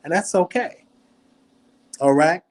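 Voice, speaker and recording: A man's voice: a little high, expressive, slow pace. A man with a Southern US accent hosting his own show, rambling and chatty, a bit tipsy from drinking, talking at home at night. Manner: chatty, rambling, repeats words, laughs often. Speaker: show host. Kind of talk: casual livestream commentary.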